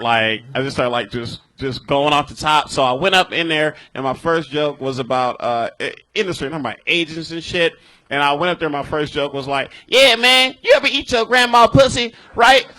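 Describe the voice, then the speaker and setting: A man's voice: mid-range voice, a little fast, pushed and bright, no room sound. A male comedian casually telling a profane story about an early set on a live comedy podcast. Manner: loose, profane, laughing storyteller. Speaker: comedian guest.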